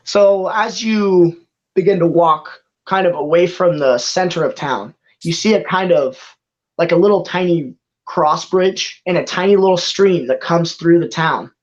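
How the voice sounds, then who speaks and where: A game master narrating a tabletop game in a laid-back way, laughing often and dropping into quick character voices. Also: mid-range voice. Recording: dull lo-fi mic.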